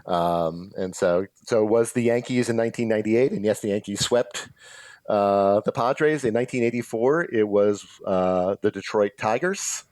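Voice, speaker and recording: Low-voiced male quizmaster, dry close mic, reads questions then rambles on with extra facts. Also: moderate pace, darkish tone, no echo. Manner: chatty, adds background facts after answers. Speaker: trivia quiz host. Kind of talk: reading trivia questions, casual chat.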